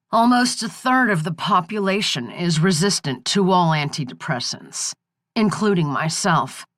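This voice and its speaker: A woman's voice: on the low side, a bit bright, no echo, clean studio sound. A woman reading the part of a ruthless male scientist who threatens and coldly explains himself, in a menacing, matter-of-fact way.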